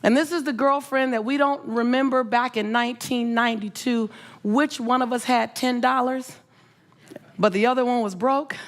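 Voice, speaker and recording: A middle-aged woman, a motivational speaker, telling an emotional personal story with animated, emphatic delivery and repeated phrases. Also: on the high side, normal speed.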